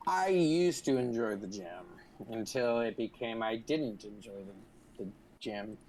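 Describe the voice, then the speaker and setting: A man's voice: fairly low pitch, animated, unhurried, darkish tone, a little hiss or hum. A man hosting a gaming video, telling a long profane story in casual chat. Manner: profane, rambling anecdote-telling. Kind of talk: casual chat while playing.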